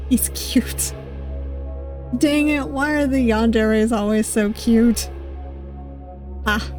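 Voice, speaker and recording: Woman VTuber, casual and wry, reads game text slowly; soft game music behind. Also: a little high. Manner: casual, wry asides between narration. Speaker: VTuber gaming streamer. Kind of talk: reading a visual novel game aloud.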